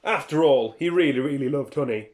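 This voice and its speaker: A woman teacher reading a picture book aloud to young children in an animated, expressive way. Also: rumbling low, a little fast, noisy background. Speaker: primary school teacher.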